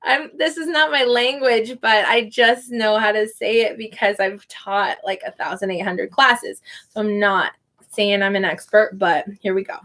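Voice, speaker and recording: With a medium-pitched, slightly bright voice and fairly even intonation, a young online English teacher casually explains name pronunciation in a live teaching chat. She sounds the names out carefully, slowly drawing them out.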